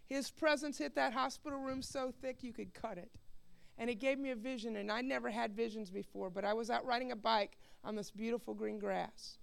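Woman, high voice, gravelly yet smooth, earnest testimony sermon, swells to impassioned preaching. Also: steady tone, fairly quick. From Missouri. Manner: earnest, builds to loud impassioned preaching, repeats words. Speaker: speaker giving a personal testimony.

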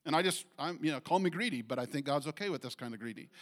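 A man preaching a sermon, reading scripture and speaking with animated rises, restarts and fillers. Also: on the high side, brisk, hardly any pauses. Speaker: pastor.

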